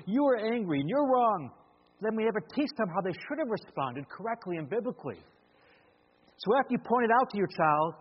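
A man's voice: a little high, slightly rough. A man preaching a sermon to a congregation, acting out the voices of parents and children as he goes. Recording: muffled recording in a large reverberant hall.

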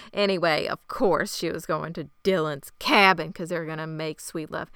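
A woman's voice: low voice, fairly even intonation, moderate pace, hardly any pauses, a bit bright, smooth, no room sound, clean studio sound. A woman recapping a TV show in casual chat, wry and matter-of-fact.

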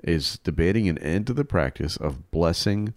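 A man co-hosting a casual podcast, telling stories and joking with animated outbursts. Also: deep voice, normal speed, no echo, clean studio sound. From Chicago area, Illinois. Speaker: co-host.

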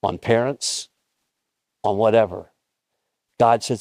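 A man in his fifties preaching a conversational, storytelling sermon with bursts of excitement. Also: medium pitch, takes it slowly, gravelly, long pauses, no room sound, clean studio sound. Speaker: pastor.

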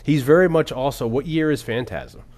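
A man's voice: mid-range voice, normal speed, darkish tone. A man casually talking about a film as podcast co-host, rambling with frequent laughs and swearing. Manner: rambling, profane, laughs often.

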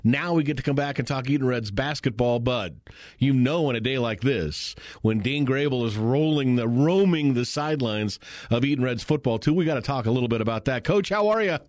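Brief: male radio sports host, mid-pitched, upbeat chat, dry close studio sound. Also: fairly quick, darkish tone, no room sound. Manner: chatty, enthusiastic, many fillers. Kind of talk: live sports radio talk. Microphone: studio microphone.

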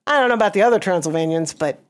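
A woman comedian, a podcast guest, chatting casually in an animated, jokey way. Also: on the low side, racing. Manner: animated, jokey, lively storytelling.

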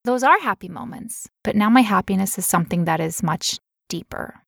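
A woman's voice: mid-range voice, animated, moderate pace, creaky, breathy edge, dry recording, studio quality. A woman telling a personal story in casual chat, candid and emotional, now and then putting on playful voices.

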